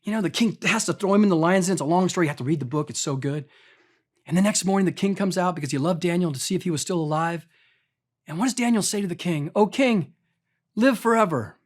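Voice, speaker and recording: A man's voice: sits high, fast. A man preaching a conversational sermon as pastor, speaking straight to his congregation and often repeating words as he talks.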